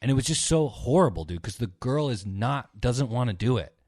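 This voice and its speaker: A man's voice: lively intonation, a little fast, darkish tone, no room sound, studio quality. A young man chatting casually on a podcast, retelling stories in a rambling way, swearing often and acting out the characters. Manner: rambling, swears a lot, acts out characters in a low mutter. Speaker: podcast co-host.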